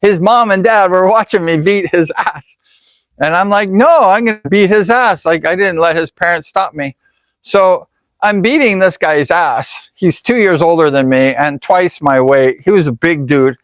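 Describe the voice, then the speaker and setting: Rambling man telling a story, somewhat high-pitched. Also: unhurried, no echo. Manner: rambling, full of "like" and "you know". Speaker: vlogger. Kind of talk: casual personal storytelling.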